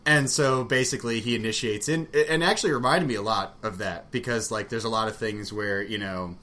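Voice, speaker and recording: A man in casual, frank conversation about a book, rambling with fillers and quick laughs. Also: lowish voice, sharp tone. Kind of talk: casual chat about books. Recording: faint background noise.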